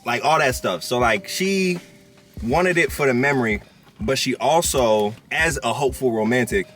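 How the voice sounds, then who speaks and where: A man's voice: medium pitch, animated, normal speed, fairly bright tone, faint music behind. Laid-back young man chatting in a car. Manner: laid-back, rambling, slangy. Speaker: vlogger. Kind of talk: casual chat. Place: parked car.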